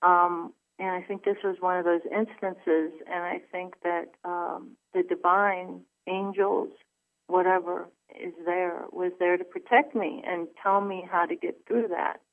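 Woman guest, earnest storyteller over a tinny phone line, lowish pitch. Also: level tone, measured pace. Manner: earnest storytelling with frequent restarts. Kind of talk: telling a personal story.

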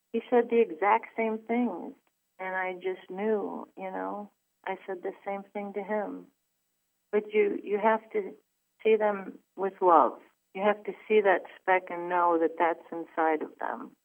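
A woman's voice: mid-range voice, fairly even intonation, unhurried. A woman guest earnestly telling a personal story on a call, with many restarts and fillers. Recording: phone line.

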